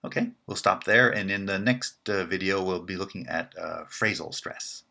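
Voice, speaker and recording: A man giving a recorded linguistics lecture, explaining in a measured way and often checking in with "right?". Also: sits low, creaky, sharp tone.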